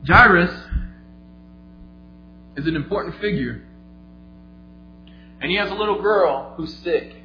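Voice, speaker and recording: A man preaching a sermon, retelling a story vividly, moving between quiet and emphatic delivery. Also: sits high, measured pace, long pauses, a little hiss or hum. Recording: echoey, slightly dull, faint music.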